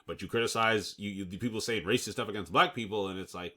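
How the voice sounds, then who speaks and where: A man's voice: fairly low pitch, quick pace, fairly bright tone. A man hosting his own channel, reading out news reports and commenting on them emphatically, often checking in with "okay?" and laughing off his own stumbles. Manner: stumbles over words and laughs at himself. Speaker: channel host.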